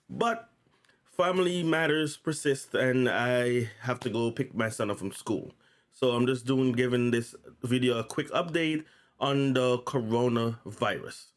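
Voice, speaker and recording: A man hosting his own channel, reading news notes aloud in a casual way and often stuttering, repeating and restarting words. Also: mid-range voice. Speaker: channel host.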